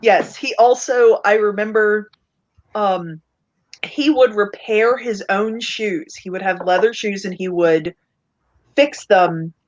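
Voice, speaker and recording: A woman chatting casually, telling stories with lively acted-out quotes. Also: mid-range voice, slow pace, lo-fi sound. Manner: animated storyteller, acts out quoted voices. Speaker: podcast co-host. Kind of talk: casual storytelling chat.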